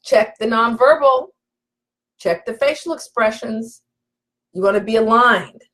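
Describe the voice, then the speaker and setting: A woman coach talks to her live viewers in a slightly high voice. She is emphatic and a bit preachy. She repeats her key points and asks the audience to answer back. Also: a little slow, a bit bright, rough recording. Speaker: relationship coach. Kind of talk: live-stream teaching, reading viewer comments.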